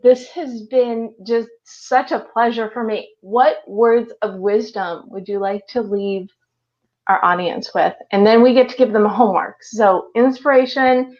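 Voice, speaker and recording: A woman's voice: medium pitch, a little slow, highs cut off. A woman hosting a live online interview, upbeat and encouraging, laughing easily as she wraps up the show. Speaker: host.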